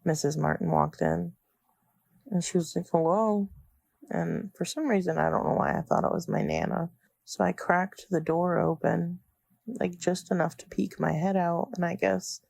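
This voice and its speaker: A young woman talks through old memories in a loose, halting way, full of fillers. Her voice sits low and carries a gravelly fry. The recording is dry and close. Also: a little mellow, dry recording. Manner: conversational, filler-heavy, with many pauses. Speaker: former student interviewee. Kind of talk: casual recounting of memories.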